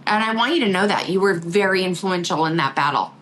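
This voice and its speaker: A woman's voice: on the low side, fast talker, low-quality recording. A middle-aged woman chatting as a podcast guest, telling stories with lots of laughter. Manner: laughing, animated storytelling with quoted voices. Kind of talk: casual chat.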